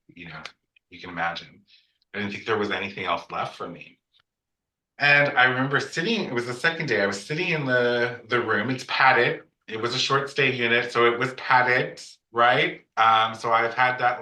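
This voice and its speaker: A man's voice: fairly low pitch, sharp tone. A man guest telling his story candidly, frank and reflective, with a touch of sass. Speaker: podcast guest. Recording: echoey room, distant mic.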